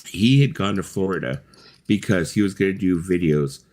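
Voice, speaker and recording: A man's voice: sits low, lively intonation, normal speed, darkish tone. A middle-aged man hosting a casual live chat, telling rambling stories full of fillers and the odd swear word. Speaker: host.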